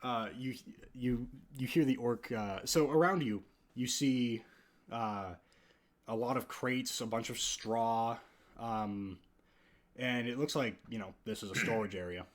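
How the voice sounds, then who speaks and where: Male game master, mid-pitch, hesitant narration with many fillers. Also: a little slow.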